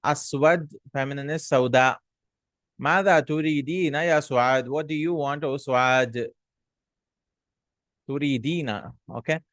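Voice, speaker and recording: A man teaching from an Arabic textbook. He reads each Arabic line quickly, then translates it slowly, checking in with "hmm?" and "no?". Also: mid-range voice, a bit bright, no echo, studio quality. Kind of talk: textbook lesson.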